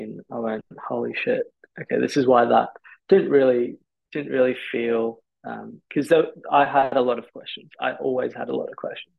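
A man's voice: mid-range voice, creaky, husky, no room sound. A man in his twenties, a physiotherapist guest on a podcast, answering thoughtfully with hesitant restarts. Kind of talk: candid podcast interview answers. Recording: dull lo-fi podcast audio.

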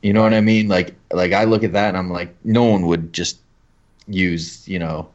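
A man's voice: deep voice, steady tone, moderate pace, lo-fi sound. A man co-hosting a podcast, talking in a loose, rambling way and swearing casually. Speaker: podcast co-host. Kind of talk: casual chat.

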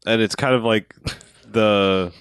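A man co-hosting a casual podcast, talking about a movie in a halting, rambling way with laughs. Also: lowish voice, fairly even intonation, a bit bright, clear, resonant tone, dry recording, clean studio sound. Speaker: podcast co-host. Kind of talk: casual movie recap chat.

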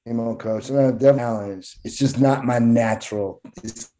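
A man guesting on a podcast as a coach, with a mellow, relaxed tone at an average pitch. He talks candidly and pokes fun at himself in a loose, conversational way. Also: a little fast. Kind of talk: casual chat.

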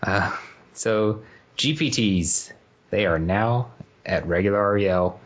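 A man's voice: fairly low pitch, slow pace, lo-fi sound. A man hosting a podcast chat, moving the talk along with light jokes. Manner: moderating, joking, moving topics along. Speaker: podcast host. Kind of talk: casual panel chat.

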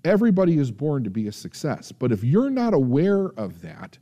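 A man telling a personal success story as a motivational speaker, acting out the voices in his dialogue with dramatic pauses. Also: wildly swooping pitch, warm tone, muffled recording. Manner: storytelling, acts out quoted dialogue with shifting pitch and dramatic pauses. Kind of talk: personal story told to an audience.

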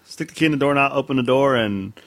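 A man telling a casual story in a halting way, full of fillers. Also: medium pitch, fairly bright tone, no echo.

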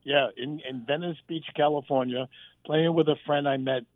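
A man, a former sitcom writer and warm-up comic, telling lively anecdotes in a casual interview and acting out the voices he quotes. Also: a little high, normal speed, no echo. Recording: dry phone line.

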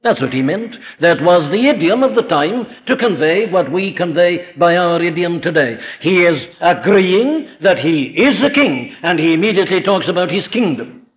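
A man with a high-pitched voice delivers an emphatic sermon. He presses his points with rhetorical questions and slows right down on key phrases. The recording sounds dull and lo-fi. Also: expressive. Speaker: preacher.

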